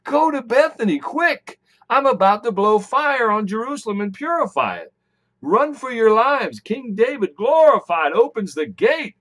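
A man's voice: high voice, sing-song, unhurried, few pauses, slightly rough, pitched above the performer's own voice, exaggerated voice. A man doing an urgent savior with an odd accent. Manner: urgent, commanding, with a put-on accent. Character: urgent male savior warning people to flee.

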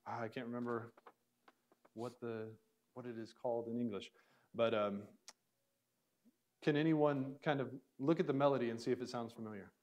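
A man teaching a classroom lesson, slowly sounding out words syllable by syllable and putting questions to his students. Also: mid-range voice, steady tone, a little mellow, highs cut off.

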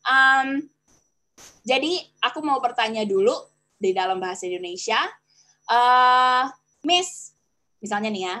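A woman's voice: fairly high pitch, moderate pace, long pauses, sharp tone, low-quality recording. Woman presenter, friendly teacher tone, switches languages mid-sentence, webinar mic. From Australia. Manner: chatty and teacherly, often laughing lightly and checking in with listeners. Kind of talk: casual webinar lecture.

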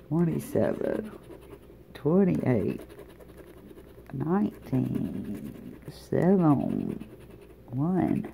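Low gravelly woman, drawling. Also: warm tone, a little hiss or hum. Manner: drawling, chatty, talks to viewers as "guys". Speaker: scratch-off lottery vlogger. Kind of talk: casual chat while scratching tickets. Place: hotel room.

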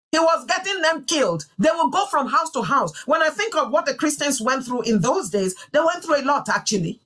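A woman pastor preaching a sermon, emphatic and repetitive, moving between loud exhortation and low, slow intensity. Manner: emphatic preaching with repeated phrases.

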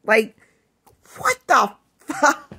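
Slow-talking woman ranting with curses. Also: fairly high pitch, sing-song, pushed and bright, husky. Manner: cursing, scornful, laughing between jabs. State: tired, up all night. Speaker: vlogger. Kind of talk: profane ranting monologue.

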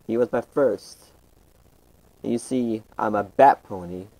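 A man's voice: on the low side, unhurried, dark tone, dry recording, poor audio. A man giving casual, rambling commentary over his gameplay, often stopping and restarting his sentences. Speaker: gaming channel host.

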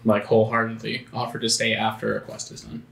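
A man playing his character in a tabletop game, measured and solemn. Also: lowish voice, completely flat delivery, vocal fry, fairly bright tone, reverberant, low-quality recording. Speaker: player. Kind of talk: in-character tabletop role-play.

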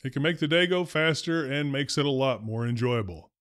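A man, a former school principal, tells stories from his career in a wry, deadpan first-person narration. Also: mid-range voice, brisk, no echo. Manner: dry, wry humor, deadpan delivery.

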